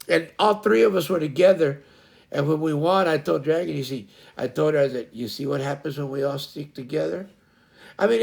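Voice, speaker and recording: A man with a gravelly voice, pitched a bit higher than most men, chats casually as host of his own stream. He rambles and hunts for words with plenty of ums and uhs. He laughs while he tells a funny story. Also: darkish tone. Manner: rambling, searching for words with many fillers.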